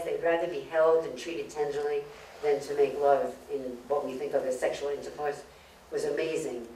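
A woman's voice: sits low, darkish tone, slight background noise. A woman from Brooklyn, a humorist telling jokes in a humorous talk who laughs at her own punchlines. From Brooklyn, New York. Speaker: humorist speaker. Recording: echoey room, mic far off.

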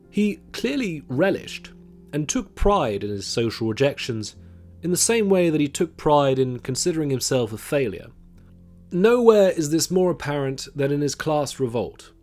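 A man giving scripted documentary narration on history, measured and reading quotations aloud, with faint music behind him. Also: medium pitch, darkish tone.

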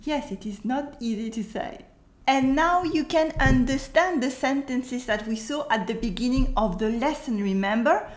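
A woman with a French accent teaching a scripted language lesson, modeling words slowly and carefully for learners to repeat. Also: high-pitched, roomy sound. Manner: slow, careful model pronunciations and drills.

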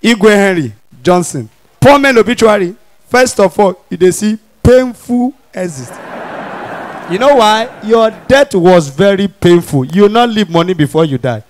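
A young man doing stand-up comedy with a Nigerian Pidgin accent, animated and playing characters as he tells his jokes. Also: high-pitched, unhurried. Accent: Nigerian Pidgin English. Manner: animated, mimics characters, shifts between Pidgin and Yoruba. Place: stage in front of a live audience.

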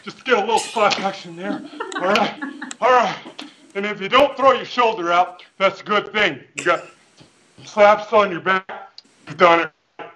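A man's voice: sits high, normal speed, long pauses, sharp tone, a little hiss or hum, poor audio. A man playing a goofy, overconfident fitness coach who also preaches, with hammy, over-the-top motivational patter over a video call. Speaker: fitness guest. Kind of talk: comic character interview over video call. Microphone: headphones with mic.

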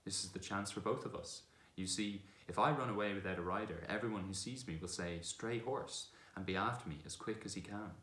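A man's voice: low voice, a bit bright. A man reading as a proud talking war horse. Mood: brisk. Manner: brisk, commanding, contemptuous at times. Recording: echoey room.

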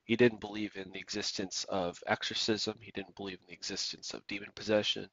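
A man's voice: lowish voice, flat delivery, brisk, fairly bright tone, no room sound, highs cut off. A man preaching an emphatic sermon, repeating his points and reading scripture aloud.

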